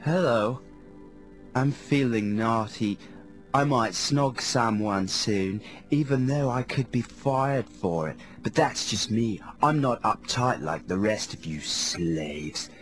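Brooding, whispery film star , put on by a male radio host — low-ish voice, over-the-top drama, music underneath. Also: lively intonation, normal speed, a bit bright. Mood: cheeky. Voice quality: breathy stage whisper. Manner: melodramatic, self-mocking monologue.

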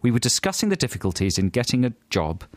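A man's voice: medium pitch, very animated, quick pace, dry recording. A man co-hosting a casual chat show, reading listener emails with giggly, playful banter. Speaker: podcast co-host.

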